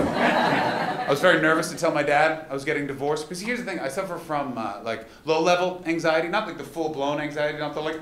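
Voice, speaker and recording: A young man doing a live stand-up routine, self-deprecating and anxious, bursting into shouted quotes. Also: mid-range voice, brisk, a loud crowd. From Canada. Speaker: stand-up comedian. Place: festival comedy venue stage. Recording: echoey live room with loud audience laughter.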